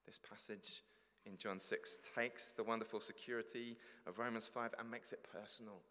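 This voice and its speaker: Earnest low-voiced preacher in a hall. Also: male voice, steady tone, sharp tone. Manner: earnest, emphatic, slows for stress. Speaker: pastor. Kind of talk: sermon. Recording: long echo of a large hall.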